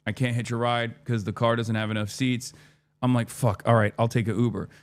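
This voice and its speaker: A man in his thirties at a mid pitch tells a story on stream. He rambles and swears, acting out his own lines in a lively, animated way. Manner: rambling, profane, animated retelling with quoted dialogue. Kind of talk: casual storytime chat.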